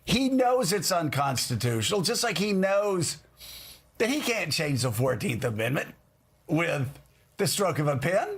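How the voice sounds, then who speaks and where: Male political TV host, high husky voice, lively and incredulous. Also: measured pace. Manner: animated, incredulous, mocking. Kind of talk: political commentary.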